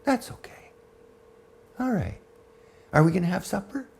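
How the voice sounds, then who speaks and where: A man's voice: sits high, animated, a little slow, creaky, darkish tone, husky, pitched above the performer's own voice, full character voice. A man putting on his elderly mother's wavering voice. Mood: pleased. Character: confused elderly mother, by turns cranky and sweet.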